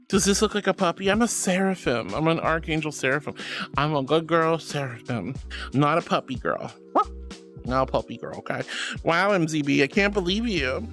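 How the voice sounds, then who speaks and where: A woman with a low voice streams live on a headset mic, with soft music playing in the background. At a moderate pace, she chats casually and reads the chat aloud in a playful, animated, teasingly indignant way.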